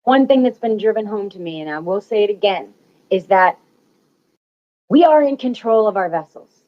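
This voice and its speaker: A woman's voice: mid-range voice, lively intonation, moderate pace. A woman hosting a spiritual talk, speaking emphatically and repeating herself, swearing freely as she encourages listeners. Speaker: spiritual channel host. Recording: dull lo-fi audio.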